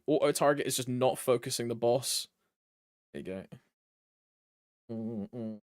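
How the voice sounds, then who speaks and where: A male game streamer in loose, joking chat, his voice swinging widely in pitch while he keeps an unhurried pace. He swears casually and hums along between remarks, and the close mic sounds dry, with no room around him. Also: no room sound.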